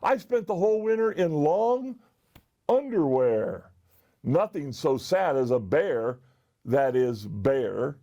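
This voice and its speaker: A man's voice: fairly high pitch, sing-song, slow, mellow, lo-fi sound, voice pushed down, full character voice. A man voicing a complaining male bear in a storybook reading. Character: bald grumbling male bear.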